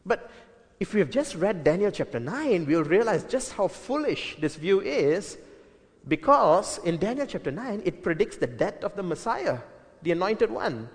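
A man's voice: high-pitched, sing-song, moderate pace, in a large hall. A man preaching an earnest Bible-teaching sermon, emphatic, with frequent fillers and restarts.

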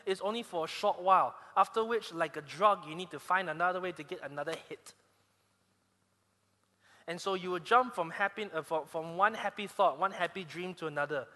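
A man with a Malaysian English accent preaches a sermon in a high-pitched, sharp voice. He tells stories animatedly, frequently restarting his sentences, and the recording has long hall reverb.

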